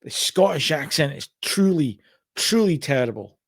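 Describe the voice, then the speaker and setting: A man's voice: on the high side, lively intonation, normal speed. Chatty man recapping a wrestling sim. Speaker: game commentator. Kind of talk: let's play narration of a wrestling sim.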